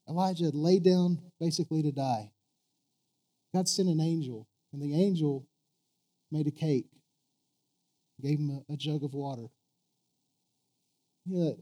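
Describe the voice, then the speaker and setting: A man's voice: a little high, dark tone. A man preaching a sermon who asks his congregation questions. He stumbles, restarts and repeats words, then rises to emphatic peaks.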